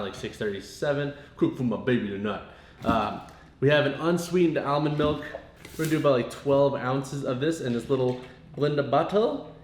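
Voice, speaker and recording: A man's voice: mid-range voice, slight background noise. A young man from Missouri with a Missouri accent, talking casually to the camera as a fitness vlogger in his home kitchen, joking as he goes. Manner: chatty, jokey, talks to the camera. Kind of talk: casual vlog narration. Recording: roomy home sound with faint music.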